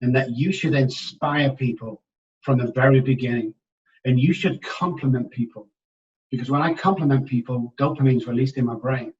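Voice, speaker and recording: A man in his sixties, a recovery expert guest on a podcast, telling his story candidly and emphatically, moving from hushed to loud. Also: mid-range voice. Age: 60s. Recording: dull, distant podcast audio.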